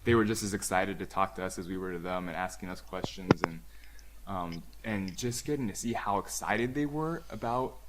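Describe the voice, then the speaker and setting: Podcast guest, man, lowish voice, keen and rambly, full of "like"s. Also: moderate pace, heavy background noise. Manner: enthusiastic, rambling with many fillers. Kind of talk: casual chat.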